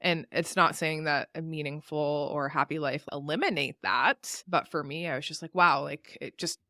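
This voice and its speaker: Woman cohost, bright voice, gets super excited, dry close mic. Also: low voice, normal speed, no room sound. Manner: animated, excitable, jumps between thoughts. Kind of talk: casual podcast conversation.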